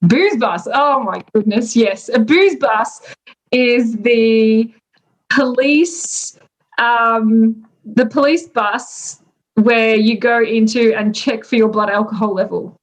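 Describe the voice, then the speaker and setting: Slow-talking Australian woman explaining slang. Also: fairly high pitch. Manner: relaxed and chatty, pausing with ums. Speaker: native speaker explaining slang. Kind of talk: casual explanation.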